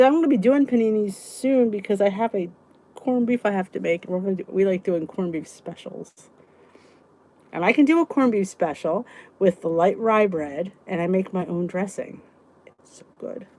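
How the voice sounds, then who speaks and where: A woman's voice: medium pitch, lively intonation, normal speed, dark tone. A middle-aged woman hosting a casual weight-loss live stream, chatting and answering viewers' comments as she goes. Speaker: weight-loss vlog host reading live chat.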